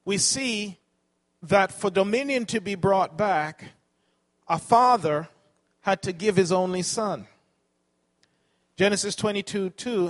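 A man preaching a sermon, asking the congregation questions and correcting himself as he teaches. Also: high voice.

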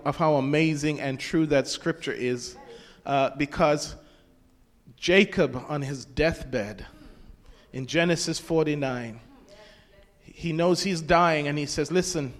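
A man preaching a sermon, quoting scripture in old-fashioned wording and putting questions to his congregation. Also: fairly high pitch. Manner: quotes scripture in King James wording, asks the congregation questions. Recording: long reverb of a hall.

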